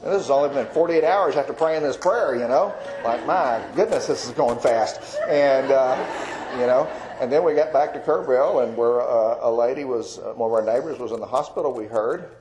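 A man's voice: mid-range voice, moderate pace, noisy background. An older man, an evangelist telling his testimony in a folksy, chuckling sermon style. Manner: folksy storytelling with fillers and chuckles.

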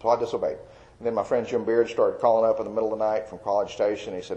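A man giving an earnest, rambling personal testimony as a Christian artist, with fillers and soft laughs. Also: on the low side, fairly even intonation, fast talker, dull audio.

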